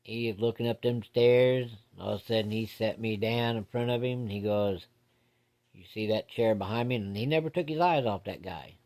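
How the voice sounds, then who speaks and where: A man's voice: on the low side, brisk, few pauses, darkish tone. A man telling a personal ghost story from his childhood in a folksy, plain-spoken way with casual swearing.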